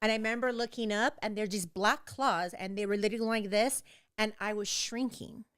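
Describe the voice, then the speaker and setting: A podcast host in her thirties tells a personal story intensely, using "like" constantly and swearing freely. Her medium-pitched voice is fairly quick, a bit bright and clean, with fairly even intonation, recorded with clean studio sound and no room sound.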